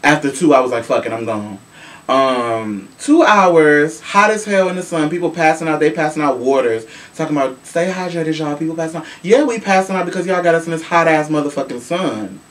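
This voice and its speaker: A man from Chicago hosting a casual celebrity gossip show, sassy and animated, swearing freely. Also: a little high, a little fast, few pauses. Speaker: show host. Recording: voice from a distance with faint room noise.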